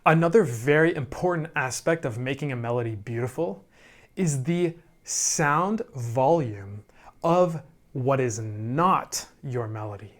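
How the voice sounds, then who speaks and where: A man teaching piano, calmly explaining phrasing and often checking in with "right?". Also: mid-range voice. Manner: calm, slow explaining with frequent "right?" checks. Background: piano playing.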